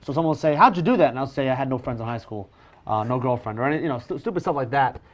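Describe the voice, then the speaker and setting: A professional magician chatting casually, self-deprecating and full of restarts. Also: male voice, medium pitch, very fast, darkish tone. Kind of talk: casual conversational chat.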